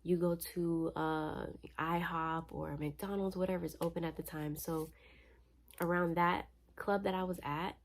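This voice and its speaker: Speaking a little slowly, a young Florida woman with a fairly low voice shares a personal storytime as a vlogger. Her delivery is conversational and chatty, animated and full of slang, though she sounds slightly tired.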